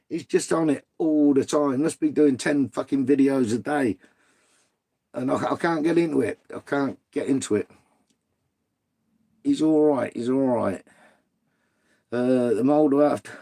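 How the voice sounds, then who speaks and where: A middle-aged man with a mid-range, creaky, dark-toned voice hangs out casually on a live stream. He reads comments, swears freely, and banters with viewers.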